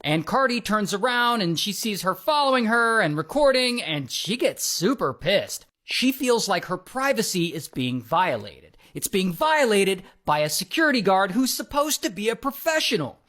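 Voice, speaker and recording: Man, casual storyteller, wry, lively swooping pitch, dramatic pauses. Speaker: storytelling narrator.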